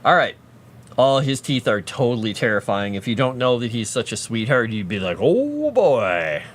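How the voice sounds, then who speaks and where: A man's voice: medium pitch, brisk, a bit bright, slight background noise. A man casually chatting on a livestream while drawing a fantasy map, muttering to himself and cooing at his pet.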